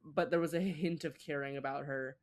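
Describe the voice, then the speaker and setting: A woman co-hosting a podcast, chatting casually with animated, opinionated asides. Her voice sits on the lower side. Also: brisk. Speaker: podcast co-host. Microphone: home podcast microphone.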